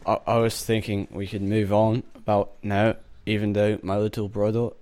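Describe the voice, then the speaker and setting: Brief: podcast co-host, man, lowish voice, loose and jokey. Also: little pitch movement, moderate pace, a little mellow. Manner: chatty and joking, drops internet slang. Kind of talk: casual chat.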